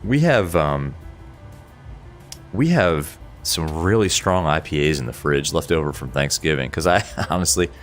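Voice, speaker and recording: A man with a croaky, sick-sounding voice chatting casually on a flight sim stream, laughing often as he talks through cockpit checks. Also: extremely low pitch, animated, measured pace, faint music behind. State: sick, hoarse. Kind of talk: casual live-stream chat.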